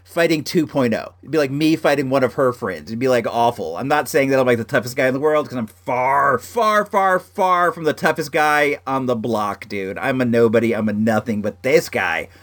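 A man hosting a podcast, telling a story in a casual, animated way with lots of "like" fillers. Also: medium pitch, moderate pace, hardly any pauses. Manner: animated, heavy use of "like" fillers.

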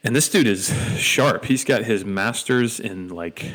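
Deep-voiced young man chatting casually. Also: a little slow. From Georgia, US. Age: young adult. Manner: animated storyteller, many fillers and restarts. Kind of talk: casual conversation.

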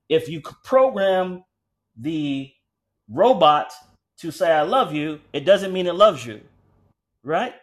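Male preacher, a touch high-pitched, with slow emphatic phrasing and quick anecdotes. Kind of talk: sermon.

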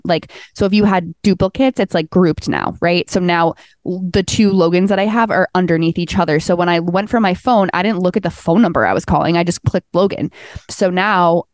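A woman's voice: fairly low pitch, no echo, clean studio sound. Chatty young woman telling a story. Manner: animated, swears freely, acts out quotes. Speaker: podcast co-host. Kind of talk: casual storytelling chat.

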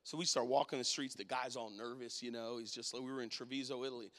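Forceful preacher man in a reverberant hall. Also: mid-range voice, steady tone, quick pace. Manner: storytelling, swings from quiet to loud. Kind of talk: sermon with personal story.

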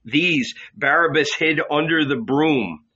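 A man narrates an audiobook in a measured, dramatic reading. His voice is bright and forward, and the recording sounds dull and lo-fi. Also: fairly high pitch, breathy edge. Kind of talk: scripted narration.

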